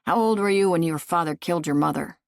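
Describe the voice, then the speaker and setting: A woman voicing a calm, persistent male police interrogator who asks probing questions. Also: lowish voice, fast talker, gravelly, dry recording, studio quality.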